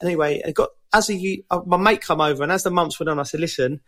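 A man's voice: sits high, fast talker, a bit bright. A man, a podcast co-host telling stories in a chatty, laddish way with plenty of restarts. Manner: chatty storyteller, laddish slang, many restarts. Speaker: co-host, former footballer. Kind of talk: casual podcast chat.

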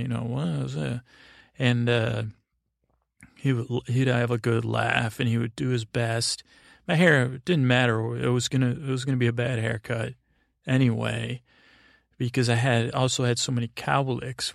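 A man's voice: mid-range voice, vocal fry, no echo, studio quality. A middle-aged man hosting a podcast, telling a meandering bedtime story full of fillers and restarts. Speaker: podcast host.

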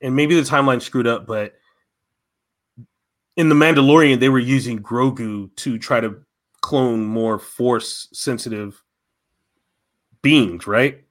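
A man's voice: medium pitch, unhurried, long pauses. A man co-hosting a casual fan chat, talking enthusiastically and rambling with many restarts.

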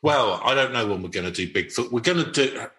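A man co-hosting a podcast, trading quick jokes and laughing often in casual chat. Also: medium pitch, animated, sharp tone. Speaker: podcast co-host.

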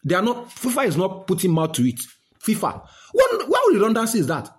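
A man with a Nigerian accent rants indignantly, firing off one rhetorical question after another. His voice sits high and swings widely up and down as he presses his point. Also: wildly swooping pitch, fairly quick. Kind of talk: opinion rant.

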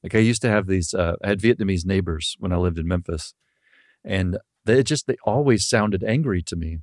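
A man with a Southern US accent, a podcast guest who tells stories in an animated way and laughs as he talks. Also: low-pitched, normal speed, dry recording, clean studio sound. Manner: animated storyteller, laughs through his stories. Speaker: podcast guest, author and comedian. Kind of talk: casual podcast chat.

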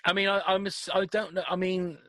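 Man, British, bright forward tone, dry close sound, chatty radio co-host, rambling and self-correcting. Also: high voice, little pitch movement, fairly quick, no echo. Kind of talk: casual banter reading listener questions.

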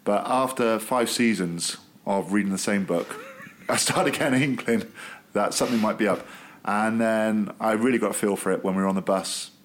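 Male co-host, lowish voice, easy storyteller who laughs at his own jokes. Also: moderate pace, a little hiss or hum. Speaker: podcast co-host, former rugby player. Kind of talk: casual chat.

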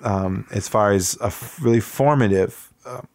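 Man, forties, from Wisconsin, low voice, dry close sound, halting reflective storytelling. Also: darkish tone, dry recording. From Wisconsin, USA. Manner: reflective, halting, many fillers. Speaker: interview guest. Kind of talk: conversational storytelling.

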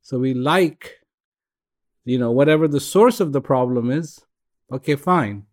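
A man giving a calm, reflective talk, gently telling a joke and repeating phrases as he goes. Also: medium pitch, unhurried.

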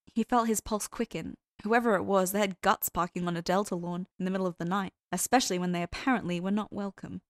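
A woman narrating fan fiction as an audiobook reader in a measured storytelling way. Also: medium pitch, steady tone, dry recording, studio quality.

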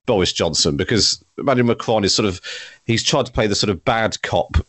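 A man's voice: on the low side, fairly quick, a bit bright, dry recording. A man hosting a podcast, asking long, conversational questions that wander before landing. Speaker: podcast host. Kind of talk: interview questions.

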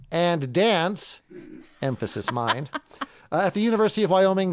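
Guy hosting a talk, kinda high voice, super clean and dry sound, chatty. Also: clear, resonant tone, no echo. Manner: chatty, quick introductions. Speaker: host. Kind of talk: casual chat.

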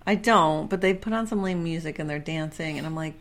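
This is a woman with a fairly low voice, chatting as a podcast co-host. She drops dry, wry asides and jokes into the conversation. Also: brisk, fairly bright tone. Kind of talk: casual chat.

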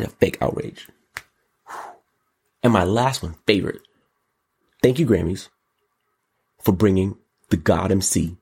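A man hosting a show, giving casual, mocking commentary on pop culture and politics in an animated way. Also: vocal fry, husky. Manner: animated, mocking, jumps into high exclaims. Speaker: show host.

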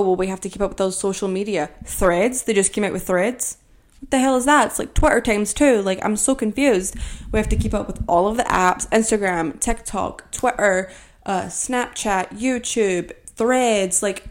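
A woman in her twenties chats alone on her podcast in a slightly low voice. She rambles and pokes fun at herself, filling her talk with "like." The tone is loose and self-mocking. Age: 20s. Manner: rambling, filler-heavy with frequent "like"; self-deprecating, joking. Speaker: podcast host. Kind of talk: casual solo chat.

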